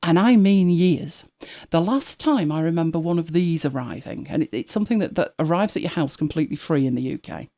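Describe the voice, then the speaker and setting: A woman's voice: sits low, animated, quick pace, gravelly, few pauses, warm tone. A woman with an English accent hosting a live podcast, telling wry everyday stories with a chatty manner. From Manchester, England. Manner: chatty, wry storytelling with laughs. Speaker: podcast host. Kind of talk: casual chat on a live podcast.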